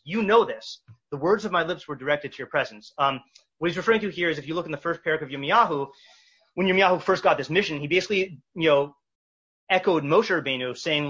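A man teaching a text study class, reading verses slowly and explaining them with many fillers and restarts. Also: a little high, animated, bright, forceful tone, husky. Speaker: Torah teacher. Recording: dull lo-fi recording.

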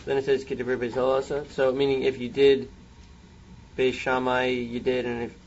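A man's voice: mid-range voice, level tone, moderate pace, darkish tone, highs cut off, slight background noise. A man as a student in a Talmud study class, hesitantly reading and questioning.

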